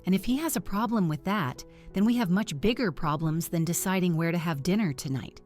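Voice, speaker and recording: A woman voicing a weary young bride who speaks quietly but firmly. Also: fairly low pitch, brisk, soft background music, lightly acted. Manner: quiet then firm. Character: weary young bride finding her strength.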